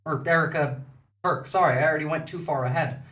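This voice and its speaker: Sarcastic, profane streamer in a roomy space. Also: male voice, fairly high pitch, a little fast, fairly bright tone, distant mic. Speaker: political commentary streamer. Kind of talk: casual live-stream commentary.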